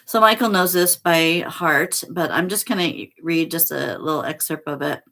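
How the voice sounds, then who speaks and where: A middle-aged woman hosting a spiritual vlog, talking softly and slowly with emotional pauses. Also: deep voice. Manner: slow, soft and emotional, reads aloud with pauses. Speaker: channel host reading oracle cards.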